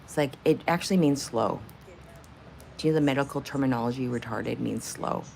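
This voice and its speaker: A woman's voice: a bass voice, a little fast, creaky, darkish tone, slight background noise. A woman hosting a live stream in casual chat, blunt and profane, bantering with her viewers and laughing often. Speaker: livestream host.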